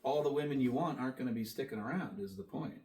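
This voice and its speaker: Deadpan comedian guest with a dry, understated delivery, set back from the mic with faint background noise. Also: male voice, mid-range voice, quick pace, far from the mic.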